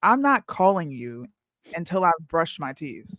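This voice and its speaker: A woman co-hosting a live talk show, talking in a slangy, animated, opinionated way. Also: deep voice, measured pace, no echo, clean studio sound. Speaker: co-host. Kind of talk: casual chat.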